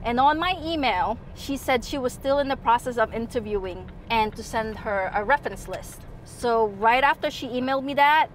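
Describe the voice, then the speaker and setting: A woman in her thirties from New York, telling a story in a casual, animated chat, swearing and laughing freely. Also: a little high, moderate pace, few pauses. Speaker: nurse and podcast host.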